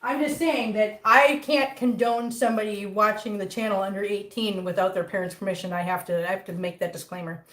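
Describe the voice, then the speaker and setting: A woman's voice: medium pitch, steady tone, fairly quick, few pauses, a bit bright. Chatty woman in an echoey room. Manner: chatty, teasing, reads viewer comments aloud. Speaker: cat channel host. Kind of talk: casual livestream chat. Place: home room.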